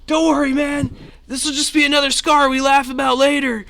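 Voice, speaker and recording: A man voicing an excitable, loyal young male archer, shouting in an eager, high-strung way. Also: fairly quick, creaky, full character voice. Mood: rallying.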